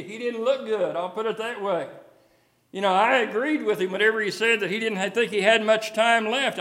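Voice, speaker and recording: Folksy high-voiced male preacher. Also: bright, forceful tone. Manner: folksy, repetitive, many restarts. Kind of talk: sermon with storytelling.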